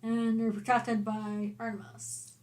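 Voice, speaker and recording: A woman's voice: fairly high pitch, completely flat delivery, measured pace, darkish tone. Laughing woman podcast co-host. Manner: explains matter-of-factly, laughs often. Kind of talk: casual chat.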